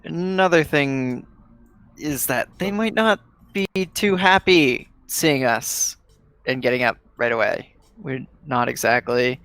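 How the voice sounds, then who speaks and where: A man playing a tabletop game, halting and searching for words. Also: mid-range voice, a bit bright, smooth. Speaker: player. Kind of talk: in-character tabletop play.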